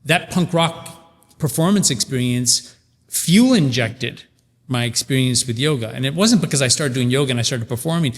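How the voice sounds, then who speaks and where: A man's voice: medium pitch, normal speed, long reverb tail. Reflective man with many restarts. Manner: thoughtful, searching, many restarts. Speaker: podcast host. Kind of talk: casual conversational interview.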